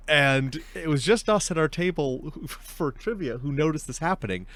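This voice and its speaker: A young man hosts a casual podcast chat. His pitch swings widely as he tells stories, and he often breaks into laughter. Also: animated, a little slow, a bit bright. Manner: chatty storyteller, laughs often. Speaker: podcast host.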